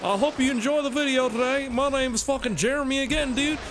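A man's voice: very high-pitched, fast, fairly bright tone, slight background noise, pitched above the performer's own voice. A man voicing a dim, laid-back young surfer-dude snowboarder who drawls slang and says dude constantly. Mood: goofy boastful.

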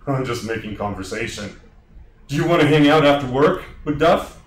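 A man's voice: mid-range voice, expressive, moderate pace, natural voice. Man putting on an eager chatty young coworker guy, friendly, echoey room far from the mic. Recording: roomy, distant mic.

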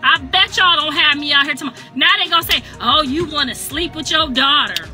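A woman's voice: high-pitched, a little fast, sharp tone, faint music behind. Emphatic, sassy woman ranting on a livestream.

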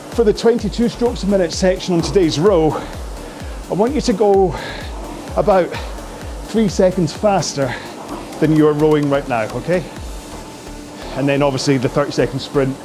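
A man coaching an indoor rowing workout in a chatty, joking way while he rows along on a machine. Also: fairly high pitch. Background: faint music.

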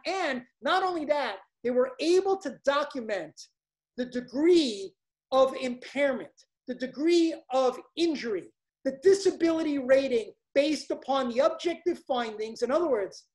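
Brooklyn lady coach pumping up a seminar crowd, high voice, punchy and hyped. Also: lively intonation, moderate pace, a little mellow. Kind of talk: seminar sales pitch.

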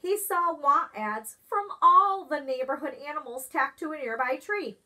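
A preschool teacher reading a picture book aloud, pausing to ask the children questions. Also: female voice, high voice. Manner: expressive, asks children questions. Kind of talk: storybook read-aloud for preschoolers.

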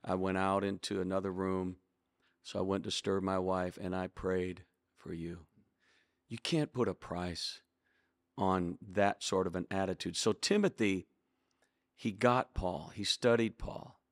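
A man's voice: deep voice, fairly even intonation, measured pace, dry recording, studio quality. A man in his sixties, a longtime pastor and author, telling stories in an interview in an earnest, preacherly way and acting out the dialogue he quotes. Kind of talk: reflective storytelling interview.

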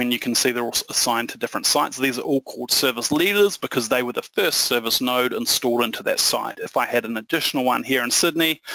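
Male presenter for a product webinar, bright forward tone, chatty and full of "um"s, dry close sound. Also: mid-range voice, gravelly, no room sound, rough recording. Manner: conversational explaining with many fillers. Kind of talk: software product webinar demo.

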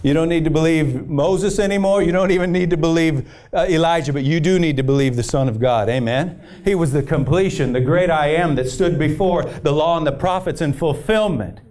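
A man's voice: on the high side, moderate pace, hardly any pauses, a little mellow. A male pastor preaching a sermon to a church congregation, calling out for "amen" and retelling scripture as a story with frequent restarts. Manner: call-and-response preaching, keeps asking the congregation "amen?". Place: church service.

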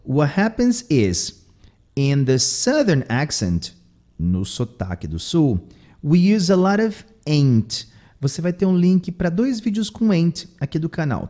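A Brazilian man teaching English, explaining a clip in Portuguese and repeating English phrases slowly and with emphasis. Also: a little high, a little mellow.

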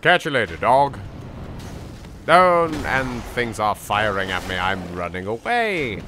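Animated English man narrating his gameplay. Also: on the low side, takes it slowly, background noise. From England. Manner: theatrical, jokey, swings between hushed asides and loud outbursts. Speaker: let's play host. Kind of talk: game commentary.

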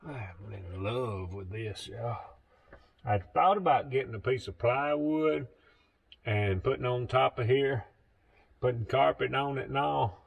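A man's voice: medium pitch, a little slow, creaky, husky. A man with a Southern US accent talking casually to viewers while building something, folksy and chatty, a bit out of breath. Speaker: vlogger. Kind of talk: casual DIY vlog talk.

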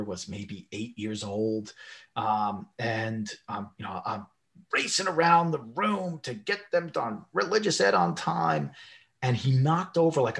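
A male podcast host who tells personal anecdotes with animated energy, his voice jumping up whenever he acts out his own thoughts. Between the stories he puts questions to his guest in a relaxed, conversational way. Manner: animated storyteller, pitch jumps when acting out his own thoughts. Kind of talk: conversational interview, personal storytelling.

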